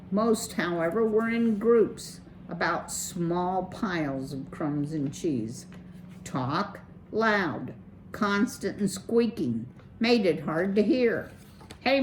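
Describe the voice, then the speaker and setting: A woman reading a children's chapter book aloud in a measured, expressive way. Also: fairly low pitch, a little hiss or hum, low-quality recording. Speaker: children's story reader.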